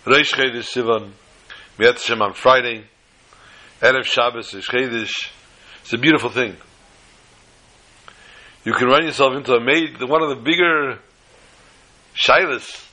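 A man and religious teacher, telling humorous stories in a sermon with lively delivery. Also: medium pitch, measured pace, pauses often, poor audio. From United States. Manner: animated storyteller, shifts between voices. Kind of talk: storytelling sermon with jokes.

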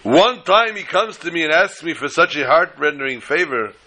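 A man voicing a kindly, wealthy older male lender who speaks in a measured, fatherly way. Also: fairly high pitch, bright, forceful tone, poor audio.

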